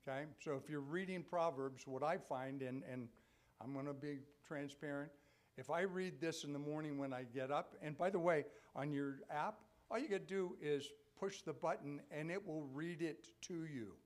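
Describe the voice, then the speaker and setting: An older man preaching a sermon in a church, talking to the congregation in a conversational way, checking in with frequent "okay?" and building to loud, emphatic peaks. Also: fairly high pitch, normal speed. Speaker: pastor. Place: church sanctuary.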